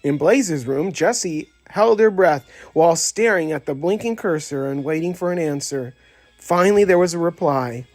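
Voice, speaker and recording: A man's voice: a little high, normal speed, no echo, faint music behind. A man reading a children's story aloud as narrator, telling it expressively. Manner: expressive storyteller voicing every character. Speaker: audiobook narrator. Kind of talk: scripted read-aloud narration.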